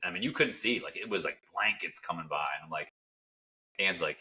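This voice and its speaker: A man on a podcast telling a lively anecdote and laughing as he talks. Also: low voice, fairly quick, a little hiss or hum. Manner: lively storytelling, laughs mid-sentence. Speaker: podcast participant. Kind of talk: casual podcast conversation.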